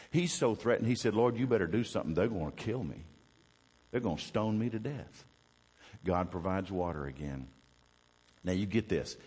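A man preaching a sermon as a Baptist preacher, telling the story with animated questions to the congregation. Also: deep voice, long reverb tail.

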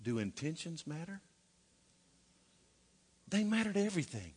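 A man's voice: on the high side, very animated, moderate pace, darkish tone, slightly rough. A middle-aged man preaching a sermon in a folksy way, with joking asides and rhetorical questions. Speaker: pastor.

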